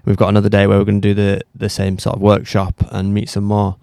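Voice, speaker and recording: Upbeat DJ tutor, smooth voice. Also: male voice, lowish voice, completely flat delivery, a little mellow, dry recording. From England. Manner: upbeat, enthusiastic, quick bursts. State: slightly croaky after a night out. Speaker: DJ tutor and co-host. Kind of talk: casual podcast chat.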